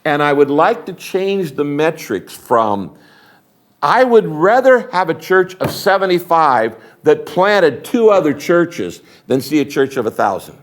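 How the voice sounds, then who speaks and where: A man's voice: a little high, unhurried. Emphatic older man preaching in conversation. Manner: emphatic, animated storytelling with acted dialogue. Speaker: retiring megachurch pastor, interview guest.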